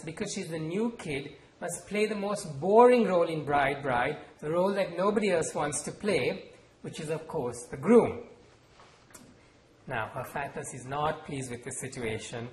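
A man from Sri Lanka, reading aloud from his novel in a measured, expressive storytelling manner at a university event. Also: medium pitch, roomy sound, low-quality recording. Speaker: author. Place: lecture hall at a university event.

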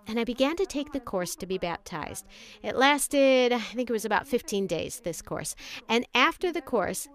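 Woman, slightly high voice, earnest, emotional, faith testimony, speaks to brothers and sisters. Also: a bit bright. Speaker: giving a religious testimony.

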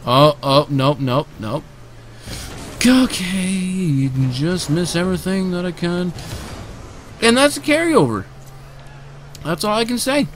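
An excitable man talks his way through his own gameplay, his voice sitting a little high and swinging widely as he cheers, groans and yells at the screen. He speaks close to a desk microphone in casual commentary. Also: slight background noise. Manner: excitable, bursts into shouts and repeated cheers. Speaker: gamer and video creator.

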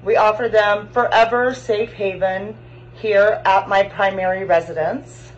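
A woman's voice: mid-range voice, steady tone, unhurried, muffled recording. Earnest woman, sanctuary founder. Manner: emotional, grateful, earnest. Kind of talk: heartfelt address, then outdoor tour. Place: outdoors at an animal sanctuary.

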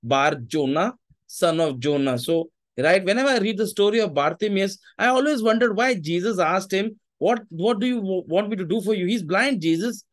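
Man, preacher, high voice, emphatic, repeats himself. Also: animated, moderate pace. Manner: emphatic, repeats phrases, mixes in Hindi asides. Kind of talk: sermon.

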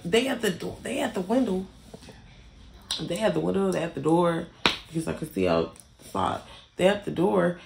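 Young woman vlogger, gravelly voice, swearing freely through a casual storytime. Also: lowish voice, very animated, normal speed, pauses often, a little mellow, slight background noise. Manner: blunt, heavily profane, repeats herself for emphasis. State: irritated.

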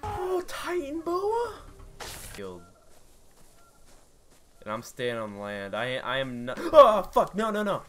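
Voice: mid-range voice, huge pitch swings, slow pace, pauses often, a bit bright, a little hiss or hum. A let's play gamer giving live gameplay commentary, panicky and shrieking, swearing constantly.

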